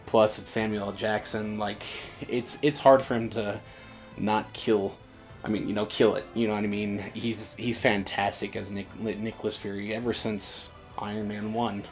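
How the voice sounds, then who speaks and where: A man co-hosting a casual fan chat, rambling with many restarts and "uh"s. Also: lowish voice. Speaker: co-host.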